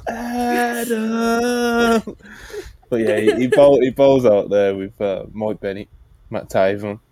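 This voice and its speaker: A man with a fairly low voice hosts a podcast at a moderate pace, a crowd audible behind him. He recaps wrestling in a casual, rambling way, laughing and restarting his sentences as he goes.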